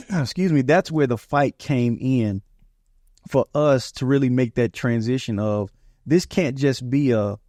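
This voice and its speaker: Brief: man, middle-pitched, calm reflective podcast co-host, dry close mic. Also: a little slow, dry recording. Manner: calm, reflective, acts out past arguments. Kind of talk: casual conversation.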